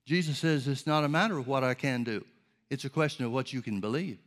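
A man preaching a sermon, teaching in an earnest, measured way and asking rhetorical questions. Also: medium pitch.

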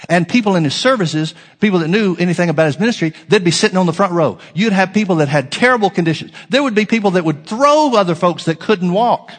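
Male pastor, preaching a sermon, emphatic and dynamic, slightly higher pitch, big reverberant hall. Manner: emphatic preaching, swinging from loud to hushed.

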